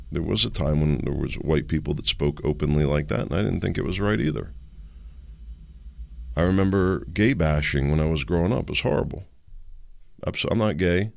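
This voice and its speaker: A man's voice: a bass voice, gravelly. A man hosting a political commentary podcast, talking alone with sarcastic, rhetorical questions to his listeners. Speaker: podcast host.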